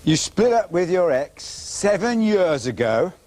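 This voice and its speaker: A man delivering a slow, confronting rundown of someone's life in a submitted clip. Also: high voice, very animated, darkish tone, dry recording.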